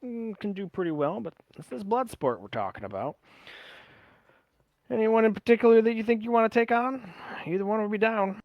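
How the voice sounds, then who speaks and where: A man voicing a polite male drow fight promoter with smooth salesman patter. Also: sits high, animated, fairly quick, no echo, lo-fi sound, voice pushed up. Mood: businesslike.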